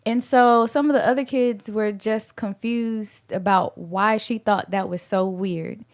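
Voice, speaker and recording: Woman, teacher, podcast co-host, relaxed anecdotal talk, quotes students. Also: mid-range voice, measured pace, hardly any pauses. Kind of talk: casual faith discussion.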